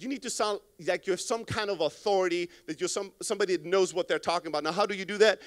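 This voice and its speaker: A man giving an energetic, profane talk on a conference stage into a microphone, acting out reactions to phone calls. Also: high voice. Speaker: conference speaker.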